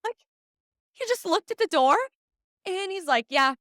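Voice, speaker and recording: Speaking in a very high, unhurried voice, a twenty-something woman co-hosts a podcast and spins a lively story full of acted-out dialogue and frequent laughter. The studio sound is clean, without any echo.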